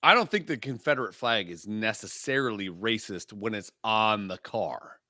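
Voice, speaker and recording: In crude podcast banter, this co-host throws out provocative, profane jokes, his emphasis jumping quickly. His male voice is on the low side with lively intonation and a sharp tone, recorded at studio quality with no room sound.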